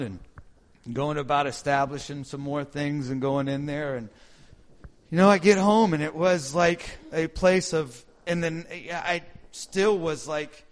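A middle-aged man giving an informal sermon testimony, asking the listeners questions and acting out his own prayers and reactions. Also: fairly high pitch. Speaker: preacher sharing testimony.

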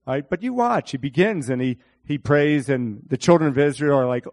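A man preaching a sermon, animated, speaking to his congregation by name and acting out Bible scenes in different voices. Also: medium pitch, brisk, few pauses.

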